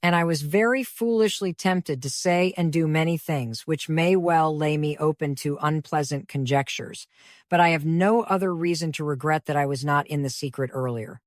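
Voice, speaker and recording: A woman reading the part of a clever young woman speaking earnestly and trying to sound lively. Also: deep voice, moderate pace, no echo, clean studio sound, voice pushed down, natural voice. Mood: confessional. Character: clever young woman, proud but contrite.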